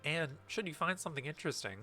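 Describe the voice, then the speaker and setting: A man voicing a stern middle-aged male stable master in a game, reading the lines in a measured, dutiful way. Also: on the high side, animated, sharp tone, faint music behind, voice pushed up.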